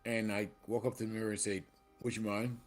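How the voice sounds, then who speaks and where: A man with a low voice playing a tabletop game. He rambles and restarts while voicing his character's lines. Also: little pitch movement, fast talker, soft background music. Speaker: player. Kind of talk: casual tabletop role-play.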